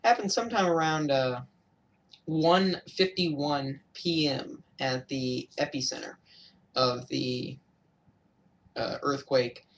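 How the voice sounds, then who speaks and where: A man's voice: mid-range voice, slow pace, gravelly, long pauses, fairly bright tone, far from the mic, a little hiss or hum. A young man from Georgia giving a casual weather update on a livestream, hesitant, with many fillers and self-corrections. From Georgia, USA. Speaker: amateur weather broadcaster.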